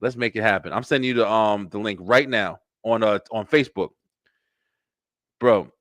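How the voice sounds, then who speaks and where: A man hosting a webshow, talking in a rambling, profane, animated livestream monologue with lots of fillers and repeats. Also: on the low side, normal speed, no room sound. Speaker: webshow host.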